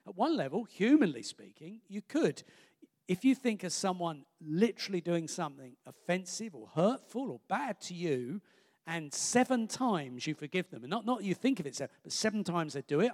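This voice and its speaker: A male preacher reads scripture and expounds on it in a fairly high, lively voice. He talks emphatically, breaking off for chatty asides. The sound rings with the long reverb of a large hall. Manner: animated, emphatic, thinks aloud with asides. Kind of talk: sermon with Bible reading.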